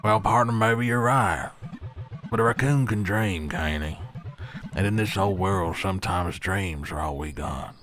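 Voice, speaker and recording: Folksy raccoon gold-digger voiced by a man; very deep, old-timey drawl. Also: measured pace, fairly bright tone, soft background music. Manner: old-timey drawl, says "partner" and "reckon". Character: folksy male raccoon prospector, dreamy and wistful. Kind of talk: AI-voiced game character.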